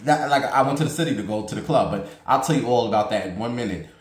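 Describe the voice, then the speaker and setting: A man chatting casually to his viewers, rambling fast and excitedly with blunt, profane humor. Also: medium pitch, reverberant. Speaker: vlogger.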